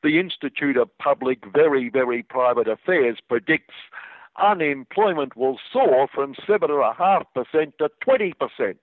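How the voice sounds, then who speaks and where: A man's voice: a little high, dry recording. A man delivering scripted satirical commentary on the radio, with a dry, sarcastic manner. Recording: tinny phone-like radio sound.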